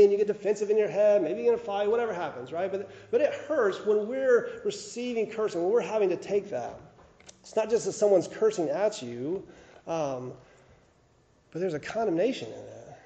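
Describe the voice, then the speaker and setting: A man's voice: high voice, animated, normal speed, warm tone, reverberant, muffled recording. A man preaching a sermon in a conversational way, with frequent fillers and restarts. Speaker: pastor.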